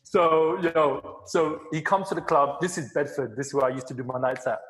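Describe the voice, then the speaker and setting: A man co-hosting a podcast, telling a story in a casual, animated way with frequent laughs and swearing. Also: fairly high pitch, fairly quick, music in the background. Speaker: podcast co-host. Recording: roomy echo.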